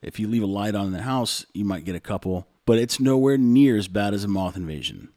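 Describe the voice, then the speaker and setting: A man with a fairly low voice hosts his own show, telling a long story. He rambles in a loose, chatty way. The sound is dry and close, with almost no room echo. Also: fairly quick, mellow. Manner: rambling, conversational, frequent "like" fillers. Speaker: show host. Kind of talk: casual monologue storytelling.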